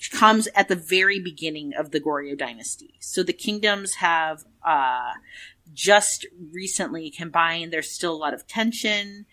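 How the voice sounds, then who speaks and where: Casting: low-voiced woman podcast co-host, rambling, profane, lots of fillers. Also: bright, forceful tone. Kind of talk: casual chat.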